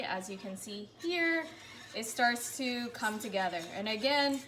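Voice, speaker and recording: A woman's voice: a little high, fairly bright tone, slight background noise. A woman vlogger chatting offhandedly while cooking in a home kitchen. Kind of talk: casual cooking demonstration.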